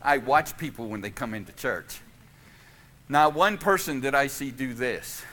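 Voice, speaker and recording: A man preaching a sermon as pastor in a church, animated and emphatic, swinging from loud peaks to quiet passages. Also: medium pitch, measured pace, slight background noise. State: out of breath. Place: church sanctuary.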